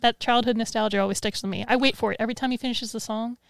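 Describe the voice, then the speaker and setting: A woman chatting as a podcast co-host, her voice sitting a little high. She talks in an animated way, laughs easily and swears freely. The sound is dry and close. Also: rapid-fire, gravelly, no room sound. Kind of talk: casual chat.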